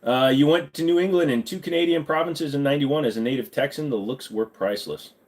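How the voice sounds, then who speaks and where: A man's voice: mid-range voice, quick pace, a little mellow. A man hosting a casual live-stream Q&A, joking around and swearing freely while he answers chat. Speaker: livestream host.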